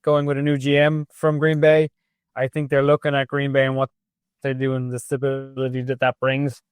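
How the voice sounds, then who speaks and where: A man co-hosting a sports podcast, analysing in a halting way with many restarts. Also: mid-range voice, completely flat delivery, clean tone, no echo, studio quality. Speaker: podcast co-host.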